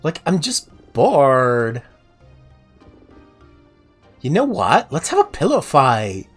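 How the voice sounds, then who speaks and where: A bored, bratty teenage girl from a role-playing game drawls her lines slowly in a valley-girl lilt, as a male streamer puts her on. The voice sits a little above his own, with lively swoops. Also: medium pitch, slightly rough, faint music behind, voice pushed up, full character voice. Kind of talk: reading game dialogue in voices.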